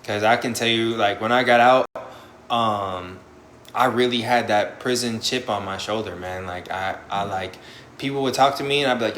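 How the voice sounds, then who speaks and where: On a live panel, a young former prisoner shares frank stories about life after release, cursing freely and reenacting his own past reactions. He talks at a normal speed in a lowish, slightly bright voice, and the sound is roomy with slight hiss or hum.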